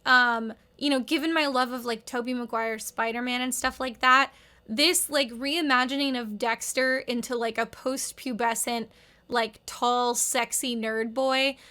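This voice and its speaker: A woman in her thirties, a video essayist, gives wry, rambling casual commentary packed with "like." Her voice is high, pushed, and bright.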